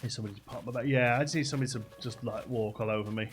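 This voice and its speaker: A man's voice: mid-range voice, steady tone, racing, hardly any pauses, over music. A man hosting a casual livestream, easygoing and chatting back to viewer comments with frequent laughs. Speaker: livestream host.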